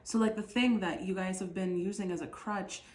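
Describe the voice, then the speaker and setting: A woman's voice: medium pitch, steady tone, normal speed, a little mellow, slight background noise. A woman giving a casual tarot reading to her viewers, speaking with many fillers and restarts, with a bit of a cough. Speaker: tarot reader. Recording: echoey room.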